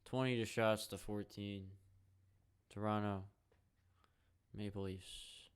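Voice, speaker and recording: A young man from the hosting a casual solo podcast, rambling with heavy profanity and reacting out loud to a hockey game. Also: fairly low pitch, steady tone, slow, clean tone. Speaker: podcast host.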